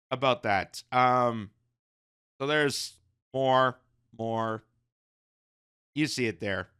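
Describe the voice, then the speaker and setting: A man's voice: medium pitch, animated, takes it slowly, long pauses, sharp tone, clean tone. A man commenting on the news in casual talk, often sarcastic and mocking the people he criticizes. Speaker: commentary host.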